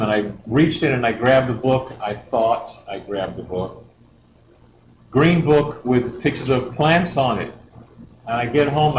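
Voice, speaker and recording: A middle-aged man giving a rambling personal story as a church guest speaker, acting out the quotes. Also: mid-range voice. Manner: rambling and lively, acts out quotes. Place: church hall. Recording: echoey hall with background noise.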